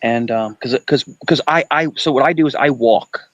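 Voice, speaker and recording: A man's voice: medium pitch, moderate pace, dry recording, highs cut off. A man from Queens, New York, talking in a loose, rambling way on a live-stream chat. He repeats words and restarts often, and his voice sits in an ordinary middle range. The sound is dry and close, with no room around it. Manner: rambling, repeats himself, animated.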